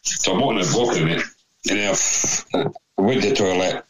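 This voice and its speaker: A man's voice: low-pitched, fairly quick, crowd noise, poor audio. A man telling a rambling, sweary anecdote in casual chat, with laughs along the way. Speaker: storyteller.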